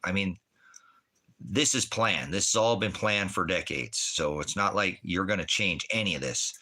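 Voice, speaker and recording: A man with a fairly low voice and a bright, forceful edge, ranting to his livestream chat from indoors at his farm. He rambles from point to point, swears freely and fires questions straight at his viewers. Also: normal speed, breathy edge. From Oregon, USA. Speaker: livestreaming vlogger. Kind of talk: casual livestream rant.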